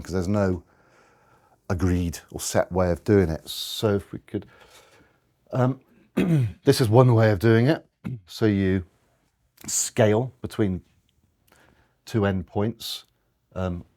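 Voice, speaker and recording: A man's voice: lowish voice, slow, long pauses, mellow. A man giving a conversational slide talk to an audience, often restarting and correcting himself. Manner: rambling, restarts, self-corrections.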